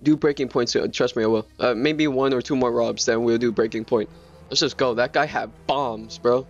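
Excitable young man streaming a game. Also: mid-range voice, moderate pace, faint music behind. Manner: excitable, rambling, repeats himself in bursts. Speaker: live streamer. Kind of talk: casual live gameplay commentary. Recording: dull lo-fi stream mic.

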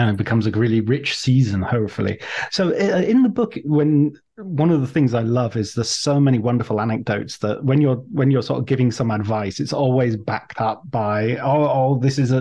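A man's voice: mid-range voice, dark tone, muffled recording. A man interviewing a guest about her book, asking his questions hesitantly and searching for words with uh and um. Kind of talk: conversational interview.

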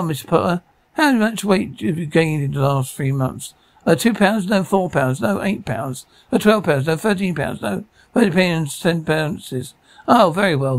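A man's voice: high voice, gravelly, dry recording. A man playing a bumbling male quiz show host who keeps tripping over his words.

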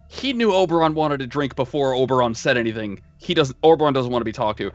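A man's voice: medium pitch, expressive, fast, few pauses, no room sound, dull audio, soft background music. A man narrating as game master in a tabletop game, playful, switching into character voices.

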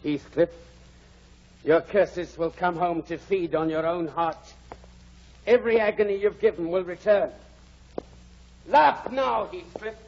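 A drunken, despairing man rants bitter curses in a husky voice. The old radio broadcast sounds dull and muffled. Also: high-pitched, a little slow, long pauses, a little mellow. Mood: raving. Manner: slurred bitterness rising to raving curses. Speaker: Hindley. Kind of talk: 1940s radio acting.

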